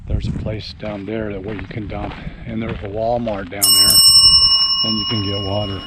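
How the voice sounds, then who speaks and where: An older RV travel vlogger talks casually while hiking a mountain campground hillside one morning, a bit winded and rambling with lots of pauses. His voice is lowish and level in tone. It's captured on a handheld camera as he walks, with outdoor wind and ambient noise in the background.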